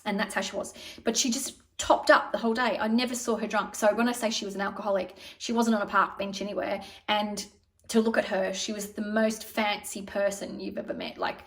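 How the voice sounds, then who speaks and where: A woman's voice: mid-range voice, flat delivery, fairly quick, distant mic. A middle-aged woman vlogging in casual, digressive chat, telling stories. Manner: chatty, digressive, warm storytelling. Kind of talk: casual rambling chat to camera.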